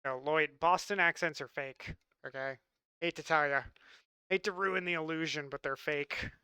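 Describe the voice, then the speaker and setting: A man's voice: fairly high pitch, fairly even intonation, normal speed, pushed and bright, smooth, no room sound. A man from Long Island chatting casually with his stream chat in a wry, talkative way. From Long Island, New York.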